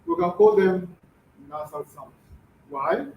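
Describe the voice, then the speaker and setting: A man's voice: high-pitched, sing-song, takes it slowly, a little mellow, slight background noise. A man teaching a classroom lesson, often quizzing the students with questions. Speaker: language teacher. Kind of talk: classroom lecture. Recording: dull echoey room from far off.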